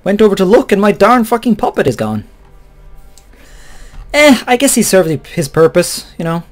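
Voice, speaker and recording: A man's voice: high-pitched, sing-song, moderate pace, soft background music. Chuckling man narrating gameplay. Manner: rambling, chuckling, swears casually. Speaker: let's play host. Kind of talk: casual gameplay commentary.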